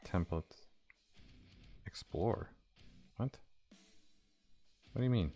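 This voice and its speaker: Low-voiced man muttering through code. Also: expressive, extremely slow, dark tone, soft background music. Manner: muttering to himself, casual swearing. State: hoarse. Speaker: indie game developer streaming. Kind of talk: casual live coding stream.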